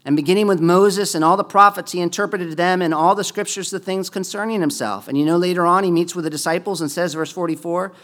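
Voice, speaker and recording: A man preaching a sermon in a relaxed, conversational way, his voice sitting a little high for a man. He builds in force when he stresses a point. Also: a little fast. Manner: conversational preaching, rising with emphasis on key points. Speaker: pastor.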